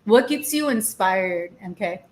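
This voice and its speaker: A woman's voice: mid-range voice, expressive, a little slow, a little hiss or hum. A young woman hosting a casual chat while eating, talking openly and laughing easily. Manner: chatty, laughs easily, emotional and open. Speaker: host.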